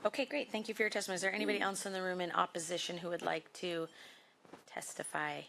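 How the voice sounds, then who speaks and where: Woman chair running a committee hearing, bright sharp voice, brisk and a bit jokey, faint noise under it. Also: fairly low pitch, fairly even intonation, creaky. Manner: brisk, procedural, lightly joking.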